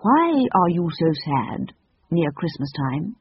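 A reader voicing a wise, courteous magical golden bird that speaks calmly and politely in a storybook. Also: mid-range voice, slow, breathy edge, no room sound, full character voice. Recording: dull lo-fi audiobook recording.

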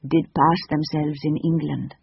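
A reader voicing a tall, tearful, excitable French woman who speaks high and slow, in broken English with a French accent. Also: creaky, breathy edge, no echo. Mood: gushing. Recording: dull lo-fi audiobook recording.

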